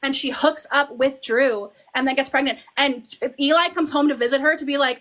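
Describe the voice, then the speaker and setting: Bright high-voiced young woman streamer. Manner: excited fan gushing, quick run-on retelling. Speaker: livestream host. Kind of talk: casual chat.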